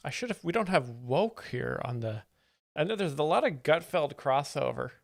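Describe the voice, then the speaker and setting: Deadpan man hosting a comedy stream. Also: a little high, moderate pace, gravelly, no echo, clean studio sound, some chatter behind. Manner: deadpan ironic asides. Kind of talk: satirical live-stream commentary.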